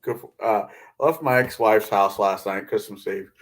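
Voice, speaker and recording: A man's voice: fairly low pitch, moderate pace. A man in casual late-night chat, easygoing as he tells a story about his daughter. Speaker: divorced father in conversation.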